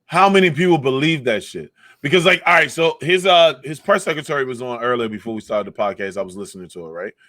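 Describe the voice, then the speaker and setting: Profane, animated man ranting. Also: mid-range voice, fast talker, no room sound, studio quality. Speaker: podcast co-host. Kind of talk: casual comedy podcast chat.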